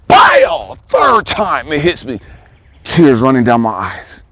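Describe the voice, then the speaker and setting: A man's voice: mid-range voice, big pitch swings, measured pace, no echo. Man telling a dramatic personal story. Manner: dramatic storytelling, swinging from loud cries to hushed whispers; addresses the listener directly. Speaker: spiritual coach and speaker. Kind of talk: personal testimony monologue.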